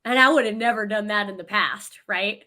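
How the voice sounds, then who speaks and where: A woman's voice: medium pitch, a little fast. A middle-aged woman, a podcast guest, telling a story animatedly in casual conversation. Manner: animated storytelling with frequent laughs.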